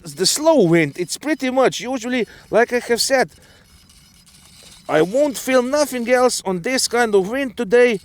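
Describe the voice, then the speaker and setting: A man co-hosting a hobby video outdoors in a windy field, talking loudly and enthusiastically, laughing often, on a windscreened mic. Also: extremely high pitch, lively intonation, unhurried. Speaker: co-host of an RC hobby channel. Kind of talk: casual outdoor chat to camera. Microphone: mic with furry windscreen.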